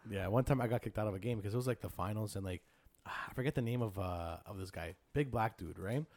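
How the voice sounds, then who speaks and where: A man's voice: on the low side, fast talker, no room sound. A man in casual chat, telling stories with lots of swearing and "bro". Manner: animated storyteller, swears freely, says bro.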